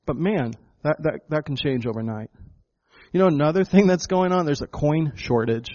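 A man's voice: a little high, animated, normal speed, a little mellow, highs cut off. A pastor preaching a sermon to his congregation, emphatic, often repeating words and calling them folks. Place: church hall with a congregation.

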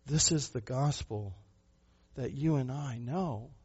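Husky-voiced man preaching a sermon. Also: mid-range voice, slow, muffled recording. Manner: emphatic, rhetorical questions, shifting between loud and soft. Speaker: pastor.

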